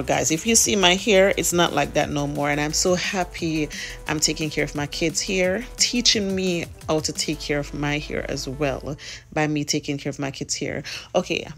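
A woman's voice: low-pitched, gravelly. A Jamaican woman chatting casually in a vlog while doing her children's hair, rambling and tending to speed up. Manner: chatty, rambling, tends to talk fast.

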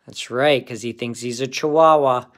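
A man reading a children's picture book aloud, narrating in an expressive, unhurried way. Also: medium pitch. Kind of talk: storybook read-aloud.

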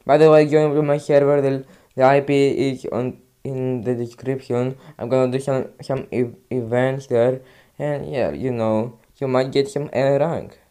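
A man's voice: medium pitch, fairly even intonation, measured pace, warm tone, clean tone. A young man with a Greek accent, commentating his own gameplay and swinging between frustrated mutters and outbursts. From Greece. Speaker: gaming YouTuber.

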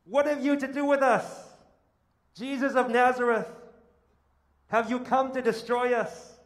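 A man putting on a shrieking demon spirit, shrill and loud, booming church echo. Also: steady tone, a little slow. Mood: alarmed. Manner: loud, high-pitched cries. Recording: echoey church sound.

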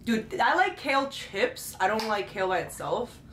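A woman's voice: a little high, expressive, normal speed, a bit bright. A young woman vlogger chatting casually and playfully while taste-testing food, often breaking into giggles. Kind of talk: casual chat. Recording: echoey room with faint hum.

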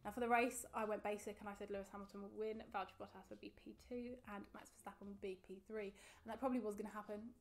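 A young woman giving a chatty, excitable race review in a casual vlog monologue. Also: mid-range voice, very fast. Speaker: motorsport vlogger.

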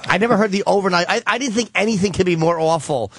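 A man's voice: high voice, fast, fairly bright tone, no room sound. A male radio host mocking a clip in crude, profane banter, often laughing.

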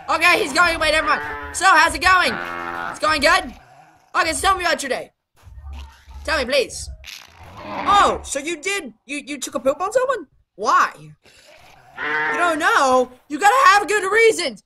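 A woman gaming YouTuber doing let's play commentary, excitable and chatty, talking to the creatures in the game. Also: sits high, measured pace, long pauses. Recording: game clucking and rooster noise behind.

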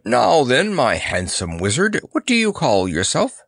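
A man's voice: medium pitch, huge pitch swings, measured pace, fairly bright tone, slightly rough, dry recording, clean studio sound, voice pushed up, heavily acted. A man voicing a pompous, blustering male king with blue whiskers, speaking in a raised, demanding tone. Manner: imperious, demanding.

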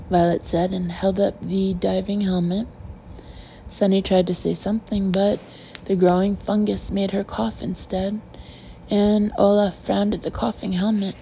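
A woman narrates a storybook in a measured way, dropping in wry asides. Her voice is slow, gravelly and dark. The recording is dull with a faint hiss. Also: mid-range voice, flat delivery. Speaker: audiobook reader.

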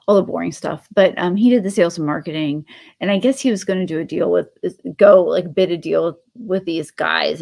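Middle-aged craft lady rambling on, kinda low gravelly voice, lots of "like". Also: a little mellow. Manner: rambling, with frequent restarts and "like". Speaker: craft channel host. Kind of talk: casual personal storytelling to viewers.

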